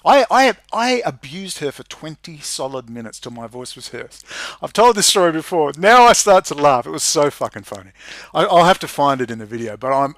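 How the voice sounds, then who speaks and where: Ranting Australian man, high-pitched and close. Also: sing-song, brisk, a bit bright, no room sound. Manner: emphatic, profane, ranting. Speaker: video commentator. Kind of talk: ranting monologue.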